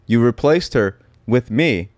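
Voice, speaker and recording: A man's voice: mid-range voice, animated, a little slow, a little mellow. A man co-hosting a podcast, chatting in a teasing, mock-dramatic way. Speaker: podcast co-host. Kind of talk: casual comedic chat.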